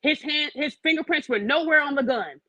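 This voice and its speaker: Blunt, high-voiced woman podcast host. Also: a little fast, sharp tone, no echo, rough recording. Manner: blunt, profane, confrontational; challenges the listener with pointed questions. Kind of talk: opinionated podcast rant.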